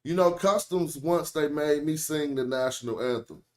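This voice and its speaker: A man's voice: on the high side, moderate pace, a little mellow. A young American man with an African American accent, streaming casual, joking commentary in loose slang. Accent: African American English. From United States. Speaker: streamer host.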